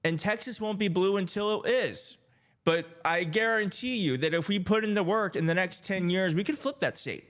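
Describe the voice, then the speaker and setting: A man from Michigan hosting a political live stream, chatting casually and excitedly with his viewers. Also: high voice, moderate pace. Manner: upbeat, hyped, addresses chat directly, laughs often. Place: home setup in D.C.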